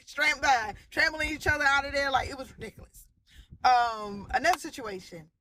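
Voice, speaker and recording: A woman's voice: a little high, a little hiss or hum. A woman casually and animatedly retelling haunting experiences from her family home, acting out the people in it. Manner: animated, vivid retelling with voiced quotes and sound effects. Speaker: storyteller sharing a haunting testimony. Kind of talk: casual spoken storytelling. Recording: audio cutting in and out.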